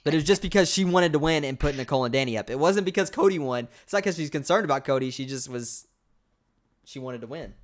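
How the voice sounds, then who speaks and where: A man's voice: on the high side, expressive, fast talker. A young man co-hosting a podcast, rambling through a casual episode recap with lots of fillers and asides. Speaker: podcast co-host.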